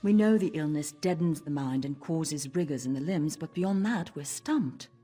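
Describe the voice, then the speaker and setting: An actress voicing a stern dark elf woman who serves as a tower steward in a video game, speaking in a measured, formal way. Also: deep voice, lively intonation, breathy edge, soft background music. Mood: grave. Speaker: game character.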